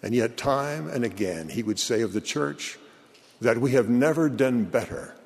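An older man, a church leader, delivering an earnest, measured eulogy sermon in a large hall. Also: medium pitch, lively intonation, gravelly.

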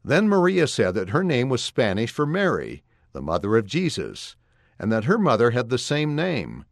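A man reading a children's story aloud in a clear, expressive storytelling voice. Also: mid-range voice, normal speed, dry recording, studio quality. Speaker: narrator.

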